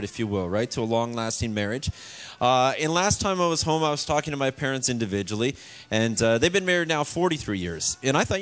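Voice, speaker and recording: A man's voice: fairly high pitch, a bit bright. A man hosting a cruise ship talent show on stage, a joking, teasing showman working the crowd. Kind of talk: live stage emcee patter.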